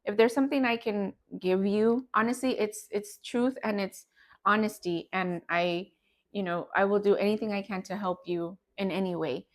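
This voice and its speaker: A woman's voice: mid-range voice, fairly even intonation, moderate pace. A woman talking earnestly in a casual conversation, often breaking into laughter. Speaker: guest. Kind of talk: casual chat.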